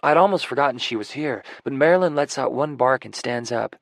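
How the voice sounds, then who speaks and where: Gravelly, dry-voiced male audiobook narrator. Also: medium pitch, a little fast, no room sound. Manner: soft, introspective, self-deprecating. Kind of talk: first-person romance audiobook narration.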